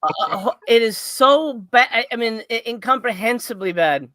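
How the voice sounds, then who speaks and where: A podcast host with a bright, forceful voice, rambling through a casual movie review. The delivery is loose and profane, with frequent laughter. The sound is dry and close, with no room echo. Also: medium pitch, moderate pace.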